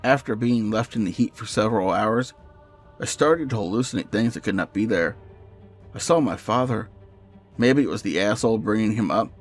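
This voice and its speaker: A man narrating a first-person horror story in a steady storytelling voice over faint music. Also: lowish voice, normal speed.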